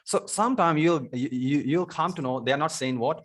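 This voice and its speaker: A man's voice: fairly high pitch, animated, moderate pace, a bit bright. A man with an Indian accent teaching an online English class, repeating himself and stopping often to quiz his students. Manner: repetitive, stops to ask students questions.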